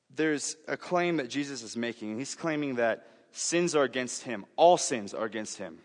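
Young preacher in a reverberant hall. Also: male voice, medium pitch. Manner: earnest, conversational, with frequent restarts and asides. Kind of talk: sermon.

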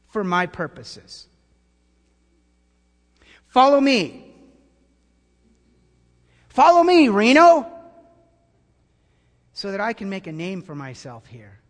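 A pastor with a high-pitched voice delivers an animated sermon. He drops to hushed tones and then rises to near-shouts. His voice rings with long reverb in a large hall.

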